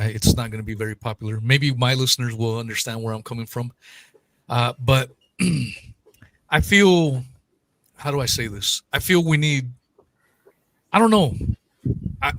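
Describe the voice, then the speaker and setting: A man hosting a podcast over a video call, talking casually and hedging his opinions with pauses. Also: medium pitch, a bit bright, no room sound. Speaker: podcast host.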